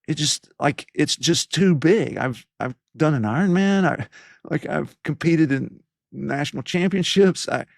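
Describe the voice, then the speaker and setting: A man's voice: a little high, animated, unhurried, creaky, no room sound, clean studio sound. A man in his fifties from East Tennessee, telling his own life story in an interview, reflective and rambling with many fillers and restarts. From East Tennessee, USA. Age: 50s. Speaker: leadership podcast host as guest.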